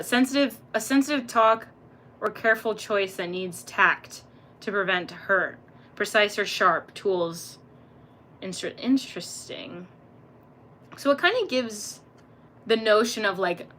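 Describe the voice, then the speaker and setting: A young woman talks to her livestream chat with a bright, ringing voice. She laughs often, swears freely and keeps a loose, playful banter going. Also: medium pitch, a little slow, slight background noise. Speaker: livestream host reading chat.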